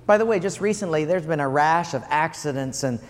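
An older pastor with a fairly high voice preaches with lively, laughing storytelling. His words carry a long reverb, as from a large hall. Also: fairly quick. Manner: animated storyteller, laughing through anecdotes. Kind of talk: sermon with comic storytelling.

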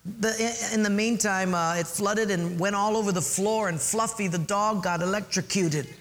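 A man voicing a wife who calmly reports bad news in a matter-of-fact, halting way. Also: sits high.

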